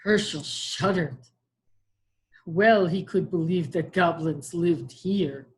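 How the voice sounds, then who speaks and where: A woman, a children's librarian, reading a storybook aloud in an expressive way. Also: lowish voice, takes it slowly.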